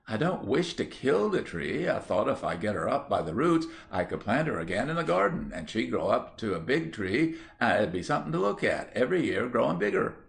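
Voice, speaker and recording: A man's voice: medium pitch, very animated, fairly quick, creaky, hardly any pauses. A man voicing a humble young countrywoman who talks in rustic, old-fashioned dialect. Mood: earnest.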